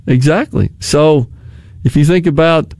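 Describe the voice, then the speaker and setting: Speaking a little slowly in a fairly high, slightly mellow voice, an older Southern American man makes casual conversation. He rambles, chuckles frequently, and drifts off partway through his thoughts; the recording is dry.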